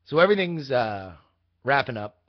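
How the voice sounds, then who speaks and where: A young man hosting a video, telling a casual, rambling story in an exasperated, animated way. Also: medium pitch, normal speed. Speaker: vlog host. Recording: dull lo-fi audio.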